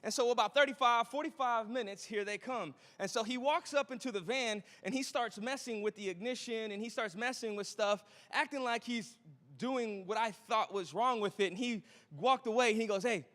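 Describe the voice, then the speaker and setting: A man, preaching a sermon as a pastor, chatty and joking with quick asides to the congregation. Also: very high-pitched, a bit bright. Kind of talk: sermon with a storytelling opening. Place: church auditorium. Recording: long hall reverb.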